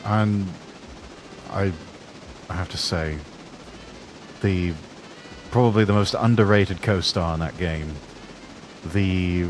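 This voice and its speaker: A man's voice: deep voice, slow, long pauses, a little hiss or hum. A man chatting on a game stream, telling stories in a rambling, hesitant way. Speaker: stream co-player. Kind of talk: casual game-stream chat.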